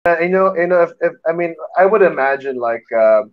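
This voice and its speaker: High giggly man on a dull lo-fi mic. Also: lively intonation, a little fast. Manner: giggly, stammering. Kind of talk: crude casual group chat.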